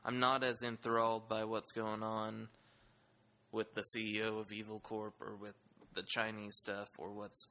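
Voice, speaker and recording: A man's voice: lowish voice, monotone, unhurried, pushed and bright. A man co-hosting a casual TV podcast who jokes and teases his co-hosts. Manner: joking, teasing. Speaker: podcast co-host. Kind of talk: casual TV discussion.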